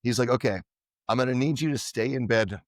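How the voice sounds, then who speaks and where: A man being interviewed as a podcast guest, telling lively anecdotes and acting out what others said. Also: medium pitch, fairly quick, no room sound, clean studio sound. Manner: animated anecdotes, quoting others in dialogue. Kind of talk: casual storytelling interview.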